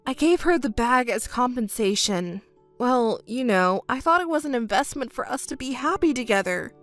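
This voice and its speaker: A woman's voice: a little high, expressive, moderate pace, faint music behind, lightly acted. A woman reading the part of a cheating husband in a texting story, pleading and defensive, stammering when cornered. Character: cheating, embezzling husband, adult man.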